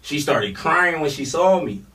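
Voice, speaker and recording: A man's voice: fairly high pitch, measured pace, far from the mic. A young man, a comedian guest on a casual podcast, telling stories in loose slang and laughing often. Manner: laughing storyteller, slangy, animated when quoting people.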